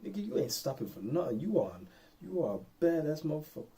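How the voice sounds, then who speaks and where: Man voicing his own inner hype man: higher, husky, brash, pushy, street talk. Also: sing-song, brisk, mellow, full character voice. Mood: pushing. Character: pushy hyped-up male inner voice, relentless motivator.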